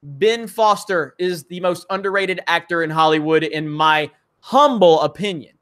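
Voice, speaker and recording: High bright-voiced chatty man. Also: moderate pace. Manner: laughs often, chatty, loose filler-heavy talk. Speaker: livestream host reading super chats. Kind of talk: casual live chat.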